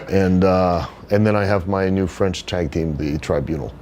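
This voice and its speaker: Low-voiced man telling wrestling stories. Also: unhurried, a little hiss or hum. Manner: animated storyteller, does high put-on voices for others. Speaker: wrestler being interviewed. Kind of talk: casual storytelling interview.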